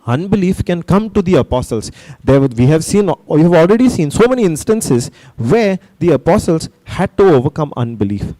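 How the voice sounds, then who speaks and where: A man's voice: fairly high pitch, big pitch swings, normal speed, warm tone, dry recording, rough recording. A man with an Indian English accent preaching a sermon at a retreat, emphatic and questioning the audience, punctuated by hallelujahs. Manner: emphatic, call-and-response preaching with repeated hallelujahs. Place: retreat session hall.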